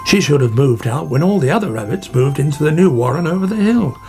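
A chatty, friendly otter from a storybook, voiced by a man, conversational with a slightly gravelly edge. Soft music runs underneath. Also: on the high side, animated, quick pace.

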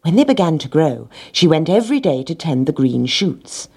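Husky woman reading a children's story. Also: deep voice, very animated, normal speed, a little mellow.

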